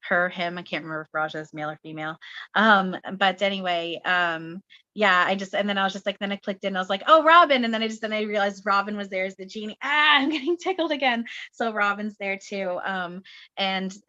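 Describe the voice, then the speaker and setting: A woman's voice: mid-range voice, brisk, pushed and bright, dull audio. A Canadian woman in her thirties giving a rambling, giggly spiritual reading on a video call. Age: 30s. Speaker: guest channeler. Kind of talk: casual spiritual reading on a webinar.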